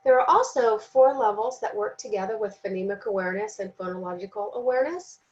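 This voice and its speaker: A woman giving a recorded training lesson, speaking slowly and deliberately and sounding out words syllable by syllable. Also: medium pitch, muffled recording. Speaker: teacher trainer.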